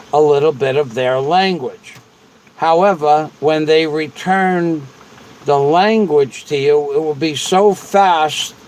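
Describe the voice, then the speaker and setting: A man's voice: on the high side, a little mellow, a little hiss or hum, low-quality recording. A man hosting a casual livestream, rambling and repeating himself as he answers viewers. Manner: rambling and repetitive. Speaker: livestream host.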